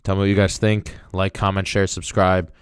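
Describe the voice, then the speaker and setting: A man's voice: deep voice, monotone, normal speed, smooth, dry recording, clean studio sound. A young man hosting a podcast, giving a casual, emotional review in a rambling way, full of fillers like "dude" and "man". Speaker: podcast host.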